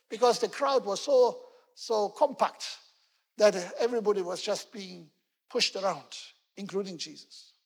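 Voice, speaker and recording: A pastor preaches a sermon in a large hall, telling the story earnestly, repeating key words for emphasis, and using fillers like "you know." His voice is high with vocal fry, at a normal speed.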